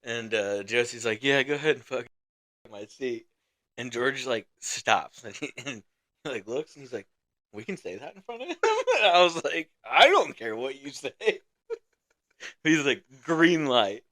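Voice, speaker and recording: A man's voice: mid-range voice, a little slow. A young man co-hosting a podcast, telling a story in a casual, profane, laughing way. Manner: swearing, laughing storyteller, animated. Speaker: podcast co-host. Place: studio.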